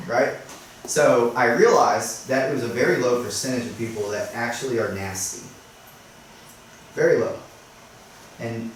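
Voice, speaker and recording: A man speaking casually to a small workshop group, chatty and self-deprecating, acting out doorstep conversations and often asking "right?". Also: mid-range voice. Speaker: realtor sharing tips at a workshop. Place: meeting room at a workshop. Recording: echoey room, speaker far from the mic, faint noise.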